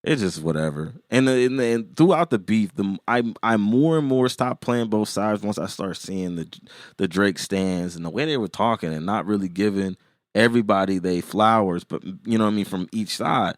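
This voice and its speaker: A man's voice: fairly low pitch, normal speed, dry recording, studio quality. A man co-hosting a podcast in loose casual chat, rambling with lots of fillers and restarts. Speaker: podcast co-host.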